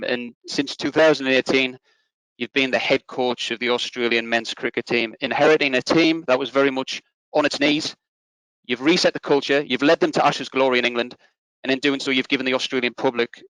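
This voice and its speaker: A man's voice: medium pitch, a bit bright, no echo, low-quality recording. A man hosting an interview, reading a formal introduction and asking structured questions in an orderly way. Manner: measured, orderly, reads out credentials. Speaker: interviewer, host.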